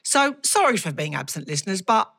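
A woman's voice: fairly low pitch, big pitch swings, a little fast, a bit bright, breathy edge, full character voice. Woman playing cheeky radio bloke. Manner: jokey, slangy, playful. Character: Cockney male radio host Arthur, cheeky. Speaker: co-host. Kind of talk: comic community radio banter.

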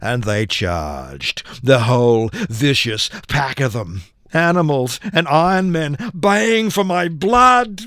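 A man's voice: a little high, expressive, slow pace, few pauses, fairly bright tone, no room sound, clean studio sound. Theatrical man reading comic poetry. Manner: theatrical, with big dramatic swings in voice. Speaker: poet.

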